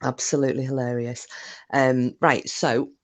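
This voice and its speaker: A woman's voice: extremely low pitch, little pitch movement, moderate pace. A woman hosting a live stream, rambling in casual chat with plenty of fillers and breaking off to greet viewers by name. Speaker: livestream host.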